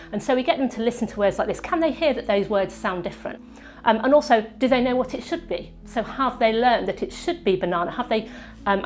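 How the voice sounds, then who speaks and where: A woman researcher explaining her language study in a clear, explanatory documentary interview. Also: mid-range voice.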